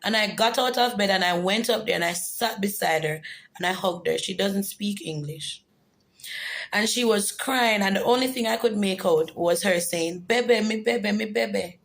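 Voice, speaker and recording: A woman's voice: mid-range voice, normal speed, vocal fry, fairly bright tone, rough recording. A woman giving an earnest, emotional personal testimony in a vlog. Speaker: vlogger.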